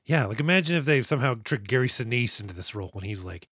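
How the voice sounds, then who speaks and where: A man in a casual movie podcast, talking with a sarcastic, profane edge. He breaks into quick impressions of characters. His voice sits mid-range and is recorded dry, with no room sound. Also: mid-range voice, animated, a bit bright, dry recording. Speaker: podcast co-host. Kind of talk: casual movie-review chat.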